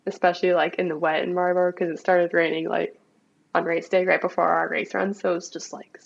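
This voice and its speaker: A young woman, a bike racer, chatting in a relaxed interview with lots of likes and ums over dull remote call audio. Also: lowish voice, a little fast, gravelly. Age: young adult. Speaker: mountain bike racer, guest. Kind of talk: casual interview chat.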